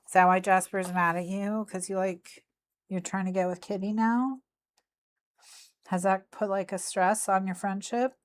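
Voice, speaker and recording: A woman streaming from her craft desk, chatting playfully and talking to her cat as she works. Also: fairly low pitch. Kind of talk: casual chat while crafting. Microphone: desk mic, faceless desk view.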